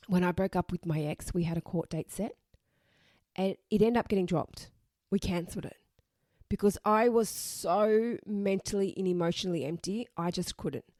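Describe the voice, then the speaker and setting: A woman's voice: medium pitch, a little mellow, no echo, clean studio sound. A woman hosting a podcast, giving blunt, emphatic advice and repeating her points for emphasis. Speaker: podcast host.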